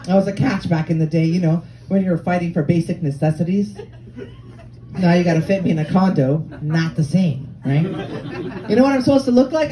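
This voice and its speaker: A woman's voice: mid-range voice, mellow, poor audio. A woman in her forties from Lebanon and Canada, doing a brash, profane, self-mocking stand-up comedy set on a comedy club stage. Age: 40s. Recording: live club crowd laughing.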